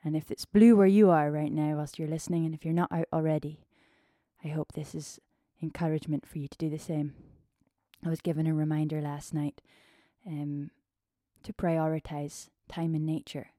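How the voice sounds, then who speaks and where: On her solo podcast, a woman chats warmly and casually, her talk flowing freely and full of fillers, though she seems slightly out of breath. Her low-pitched voice is delivered flatly at a normal speed. The recording is dry, with clean studio sound.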